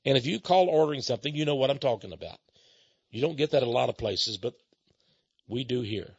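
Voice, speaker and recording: A man hosting a radio talk show in an impassioned, preaching manner, swinging between loud outbursts and low asides. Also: expressive, brisk, slightly rough, no echo, highs cut off.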